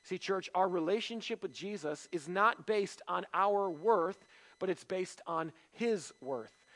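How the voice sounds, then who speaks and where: A man's voice: high voice, measured pace, a bit bright, poor audio. A man preaching a sermon as pastor of a church, conversational, asking rhetorical questions and joking at his own expense.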